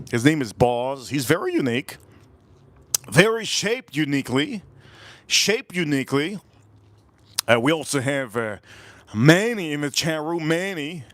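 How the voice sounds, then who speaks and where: A man's voice: mid-range voice, a bit bright, dry recording. A man hosting a live stream, rambling through stories and repeating himself as he talks to his chat. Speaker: livestream host.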